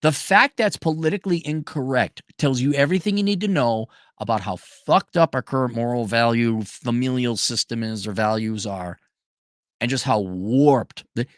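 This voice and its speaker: A man's voice: mid-range voice, normal speed, no room sound, clean studio sound. A man hosting a casual livestream who reads out viewer donations and answers them in a blunt, sarcastic and profane way. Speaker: show host reading viewer donations.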